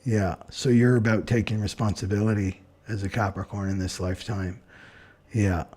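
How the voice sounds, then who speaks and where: A man who is an astrologer, chatting in a relaxed way on a live stream as he answers viewer comments, often adding "right?" and short laughs. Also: fairly low pitch, normal speed, husky. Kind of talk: live-stream talk and chart reading.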